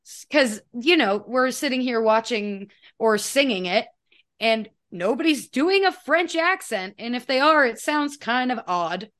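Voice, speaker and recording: A woman's voice: on the high side, lively intonation, measured pace, fairly bright tone. A young woman co-hosting a podcast in casual chat, swearing and laughing as she talks. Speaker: podcast co-host.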